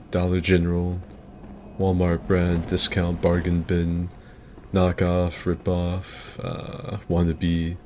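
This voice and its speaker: A man's voice: deep voice, a little mellow, a little hiss or hum. A man rambling casually as he comments on his own gameplay, with loose filler-heavy talk and swearing. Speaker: gaming streamer.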